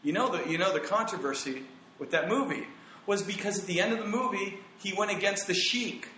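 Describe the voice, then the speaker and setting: A man hosting a casual podcast chat, giving animated, opinionated takes with quoted asides. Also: high voice, brisk, a little hiss or hum. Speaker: podcast host. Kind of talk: casual conversational podcast talk. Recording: very echoey room.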